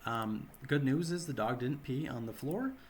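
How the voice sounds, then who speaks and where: A hoarse man with a sore throat giving rambling gameplay commentary, correcting himself as he goes. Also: mid-range voice, lively intonation, normal speed, slight background noise. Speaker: game channel host.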